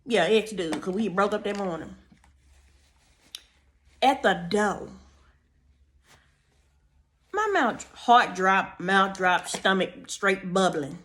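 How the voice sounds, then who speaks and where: A young woman telling a storytime tale to her viewers in a sassy, animated way, chatting through asides while she does her makeup. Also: medium pitch, slow, long pauses. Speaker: storytime vlogger. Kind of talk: casual storytime chat.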